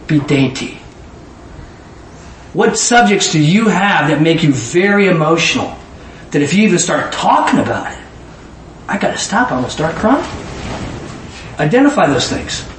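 A middle-aged man giving informal Bible teaching, swinging from low musing to high emotional exclamations. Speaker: preacher. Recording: echoey room, mic at a distance, faint ambient noise.

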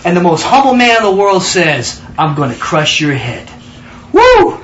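A man leading a Bible study, excitable and emphatic, prompting his listeners to answer and repeat after him. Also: high-pitched, moderate pace, echoey room, muffled recording, slight background noise. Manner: excitable, emphatic, calls for responses.

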